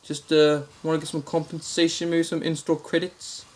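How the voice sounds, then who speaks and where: A man's voice: fairly high pitch, completely flat delivery, normal speed, pitched above the performer's own voice, lightly acted. A man putting on a cheeky fake-Australian prank caller. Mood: insistent. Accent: put-on Australian. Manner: cheeky, crude, mock-innocent. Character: young male prank caller faking an Australian accent. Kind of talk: comic storytelling with quoted voices.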